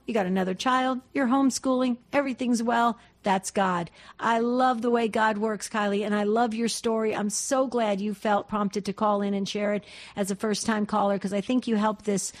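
A woman hosting a call-in radio show, effusive and repetitive, often stumbling over restarts. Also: on the high side.

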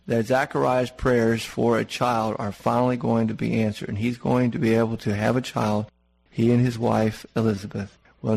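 A man delivering a folksy, conversational sermon. His voice is gravelly and a little husky, and he talks plainly to the congregation. He often stops to correct himself mid-sentence. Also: mid-range voice, darkish tone. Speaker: preacher.

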